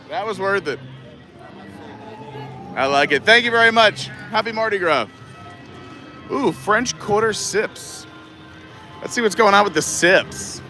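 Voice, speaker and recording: A man's voice: sits high, bright, forceful tone. A man live-streaming a walk through a theme park festival, chatting casually and reading menu boards aloud. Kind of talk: casual walking commentary.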